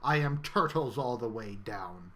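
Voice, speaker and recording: Booming pompous government god , man putting it on, bright and full of himself. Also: lively intonation, a little slow. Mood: wrathful. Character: pompous male bureaucrat god, wrathful and grandiose.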